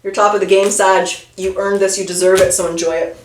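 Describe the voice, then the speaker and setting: A woman's voice: medium pitch, level tone, a little fast, roomy sound, slight background noise. A woman giving a casual tarot reading and talking straight to the viewer, often trailing off and restarting her sentences. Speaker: tarot reader.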